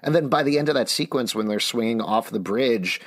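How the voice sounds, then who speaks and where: A man hosting a casual podcast discussion, chatty and animated when quoting others. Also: mid-range voice, a little fast. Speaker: podcast host.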